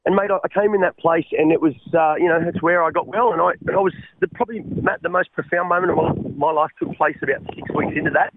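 An Australian man telling his life story as a radio guest, halting and repeating words as he speaks. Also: on the high side, steady tone. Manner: halting, repeats words, calls the host mate. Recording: tinny phone line.

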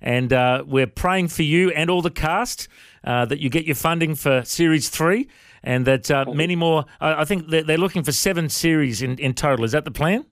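A man's voice: a little high, normal speed, no room sound, clean studio sound. A man hosting a radio interview in a chatty, friendly way. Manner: chatty, says mate. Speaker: radio host.

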